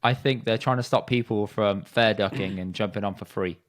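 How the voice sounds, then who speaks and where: A man's voice: fairly low pitch, fairly quick. A man, co-hosting a podcast in a laid-back, matter-of-fact way. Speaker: podcast co-host. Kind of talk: casual chat.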